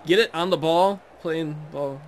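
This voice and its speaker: A man playing a football video game and joking crudely and excitably as he comments on the action. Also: fairly high pitch, measured pace, a little hiss or hum. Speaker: Let's Play gamer. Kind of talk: casual gameplay commentary.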